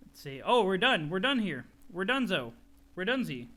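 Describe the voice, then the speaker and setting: Man, streamer, reads aloud to chat, excitable, high voice. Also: a little fast. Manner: excitable, laughs often, talks to chat. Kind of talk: live reading with chat.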